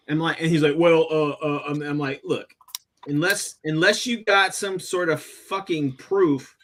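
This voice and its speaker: A man's voice: a little high, moderate pace. A man hosting a live stream, telling a story in casual chat, swearing freely and acting out angry quotes. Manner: profane, animated, acts out angry quotes. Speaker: stream host.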